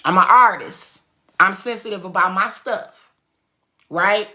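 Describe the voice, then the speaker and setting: A woman's voice: mid-range voice, a little slow, bright, forceful tone. A woman giving a casual motivational talk, emphatic and preachy, repeating her points in slangy everyday speech. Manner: casual slang-heavy delivery. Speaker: cookie business owner and speaker.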